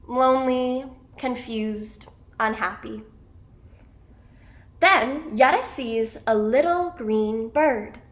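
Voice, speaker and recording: A woman telling a children's story in an expressive, animated way. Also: fairly high pitch, takes it slowly.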